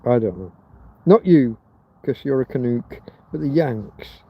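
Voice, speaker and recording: A man's voice: mid-range voice, lively intonation, measured pace, creaky, slightly rough, muffled recording. A man from Britain hosting a rambling livestream chat, crude and joking, swearing freely. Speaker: livestream host. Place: outdoors in a field in Spain.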